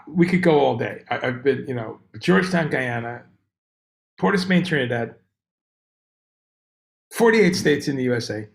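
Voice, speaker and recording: Gravelly animated man, echoey room. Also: medium pitch. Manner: rambling, animated, greets viewers by name. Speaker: livestream host. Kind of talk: casual livestream chat. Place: room on tour abroad.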